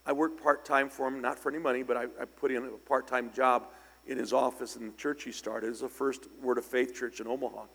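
Older preacher in a reverberant hall. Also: male voice, medium pitch, steady tone, brisk, creaky, slightly rough. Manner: conversational, with sudden loud emphatic bursts. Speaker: pastor. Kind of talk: storytelling sermon. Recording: long church hall reverb.

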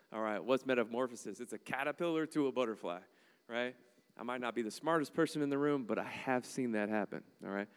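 A man preaching a sermon in an animated, joking way, acting out little voices as he goes. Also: mid-range voice, clean tone. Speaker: pastor. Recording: long hall reverb.

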